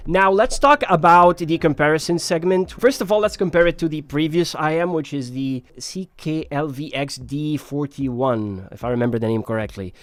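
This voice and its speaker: A man's voice: a little high, moderate pace, few pauses, no room sound. Chatty man reviewing earphones. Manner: chatty, personal, frequent "you know" and "like". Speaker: audio reviewer. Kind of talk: casual product review.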